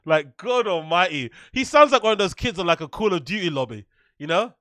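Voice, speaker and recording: A man's voice: sits high, lively intonation, a little fast, bright, forceful tone, no echo, clean studio sound. A man hosting a livestream, ranting through commentary with lots of swearing and laughter. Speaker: livestream host.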